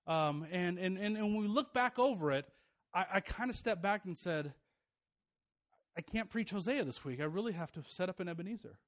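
A high-voiced man in his thirties preaching a relaxed, conversational sermon. He jokes with the congregation and stumbles through restarts and fillers. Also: a little fast. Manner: chatty, joking, with many restarts and fillers. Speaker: pastor.

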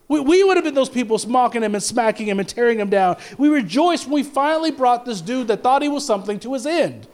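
A man. He swings between loud, pressing declarations and low, hushed lines, and he often stumbles and restarts mid-sentence. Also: animated, a little fast, hardly any pauses. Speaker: pastor. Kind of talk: sermon.

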